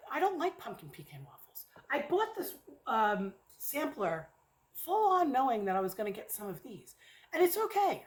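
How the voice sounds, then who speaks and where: A middle-aged woman from the United States chatting casually at home about wax she has tried, excitable and cursing now and then. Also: high-pitched. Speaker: wax reviewer. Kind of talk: casual chat. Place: home near an airport.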